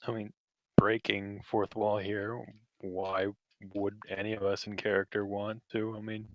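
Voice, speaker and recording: A man's voice: lowish voice, flat delivery, measured pace, dry recording, dull audio. A man playing a tabletop game, chatting casually with many fillers. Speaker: player.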